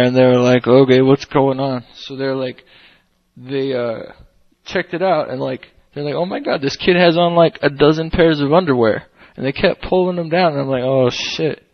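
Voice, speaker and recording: A young man hosting a livestream, chatting casually and telling rambling, profane stories, with dull lo-fi audio. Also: mid-range voice. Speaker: livestream host.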